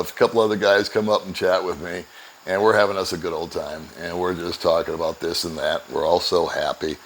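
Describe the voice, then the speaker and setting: A man's voice: deep voice, a bit bright, slight background noise, low-quality recording. Older man telling a travel story. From United States. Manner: chuckles often, acts out both sides of conversations. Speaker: vlogger. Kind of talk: casual storytelling.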